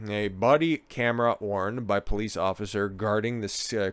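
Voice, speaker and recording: A man's voice: on the low side, clean tone, dry recording. A man giving crude, sarcastic commentary while reading out a news story. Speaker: online commentator.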